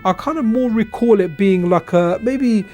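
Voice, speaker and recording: Faint music plays behind a tired man live-streaming retro console games, who yawns and rambles, repeating himself in casual commentary. He speaks at normal speed in a high-pitched, slightly mellow voice.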